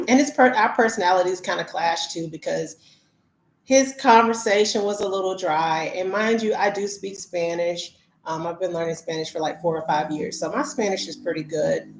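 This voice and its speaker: A woman travel vlogger from the United States telling her viewers candid stories in a chatty, casual way with lots of fillers. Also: on the low side. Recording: roomy echo.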